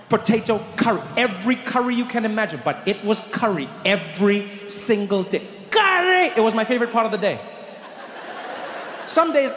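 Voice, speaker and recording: A male stand-up comedian spins an animated story and keeps breaking into high, shouted character bits. His voice sits high for a man. The big live room rings with a long tail and faint ambience behind him. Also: long reverb tail, slight background noise. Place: live comedy stage before an audience.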